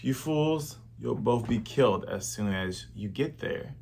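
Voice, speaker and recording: A man's voice: medium pitch, animated, measured pace, creaky, a little mellow, breathy edge, exaggerated voice. A man voicing a cocky young male cook who scolds with a sneer. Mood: scornful.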